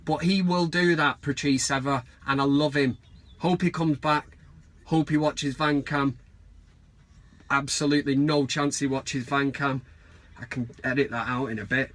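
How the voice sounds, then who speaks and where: Sweary bright-voiced football fan ranting. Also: male voice, medium pitch, steady tone, a little slow. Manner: rambling, sweary, self-mocking. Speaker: fan vlog host. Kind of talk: casual bedroom vlog rant. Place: bedroom.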